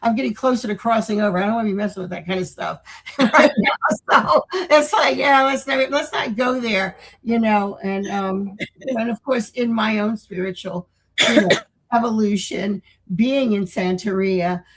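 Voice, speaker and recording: A middle-aged woman talks casually as co-host, spinning a story. She's animated, laughs often, and slips into voices when she quotes herself. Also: mid-range voice, moderate pace, breathy edge, low-quality recording. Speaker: podcast co-host.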